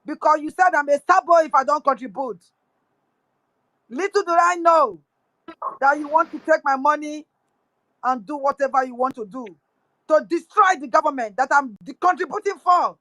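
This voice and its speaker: A woman's voice: high-pitched, moderate pace, pauses often, bright, forceful tone, no room sound, poor audio. A woman with a Nigerian accent mixing in pidgin, angrily accusing someone in a live audio room. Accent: Nigerian English with pidgin. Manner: angry, accusing, repetitive. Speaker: speaker on a live audio space.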